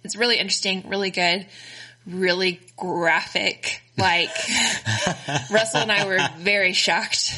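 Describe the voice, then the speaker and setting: Rambling Texan woman, bright voice. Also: medium pitch, takes it slowly, breathy edge. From Texas, United States. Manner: rambling, many fillers and restarts. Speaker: podcast co-host. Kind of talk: casual chat.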